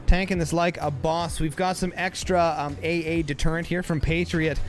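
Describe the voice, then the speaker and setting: Excitable high-voiced male game commentator. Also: moderate pace, faint music behind. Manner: excitable play-by-play, repeats himself. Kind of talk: live gameplay commentary.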